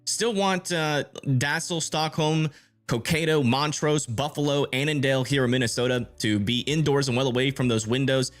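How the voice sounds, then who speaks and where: A man's voice: mid-range voice, fairly even intonation, normal speed, faint music behind. A man giving live storm-tracking commentary on a stream, thinking aloud and answering viewer chat as he checks radar. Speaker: livestream weather tracker.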